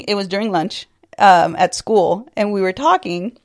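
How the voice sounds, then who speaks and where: A woman's voice: medium pitch, normal speed, a little mellow. A woman co-hosting a podcast, telling a story in a wry way, laughing often and swearing casually. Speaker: podcast co-host.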